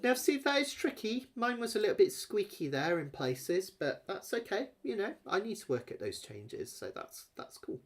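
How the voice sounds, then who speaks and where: A man leads a live ukulele workshop in a chatty, encouraging way, his pitch rising and falling freely. Ukulele strumming sounds faintly beneath his voice. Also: sing-song, moderate pace, few pauses, soft background music. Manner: encouraging, chatty, sings along while playing. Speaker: ukulele teacher. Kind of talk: live online music lesson. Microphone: webcam with close-up camera angle. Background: ukulele playing.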